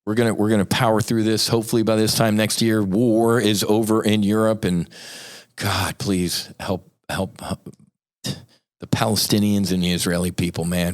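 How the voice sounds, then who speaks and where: A man who founded a nonprofit, ranting as a podcast guest in a profane, fired-up, rambling way with sarcastic asides. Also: lowish voice. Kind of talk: impassioned podcast rant.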